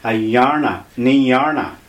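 A man's voice: mid-range voice, unhurried. A man teaching a language lesson on air, explaining patiently step by step and repeating key words.

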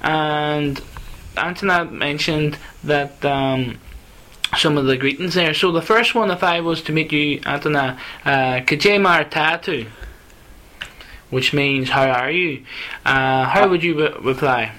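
Host for a casual language lesson: a man with a bright, slightly high voice who guides with questions. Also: a little slow, rough recording. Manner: asks guiding questions, repeats phrases back. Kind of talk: casual teaching dialogue.

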